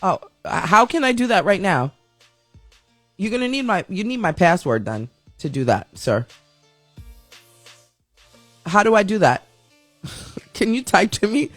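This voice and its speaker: A man's voice: sits high, sing-song, unhurried, pauses often, a bit bright, dry recording, soft background music. A man hosting a live radio-style show, chatting casually and rambling while reading the viewer chat aloud.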